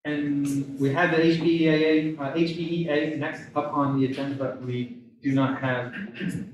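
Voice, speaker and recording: A man's voice: fairly high pitch, flat delivery, normal speed, muffled recording. Man chairing a meeting in an echoey hall. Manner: formal, brief agenda announcements. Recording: echoey room, distant with noise.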